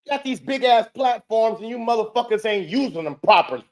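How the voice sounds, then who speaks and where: Male reaction host, rants and heckles, swears freely, breaks into shouts. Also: very high voice, animated, a little fast. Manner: profane, heckling, loud outbursts. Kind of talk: ranting reaction commentary.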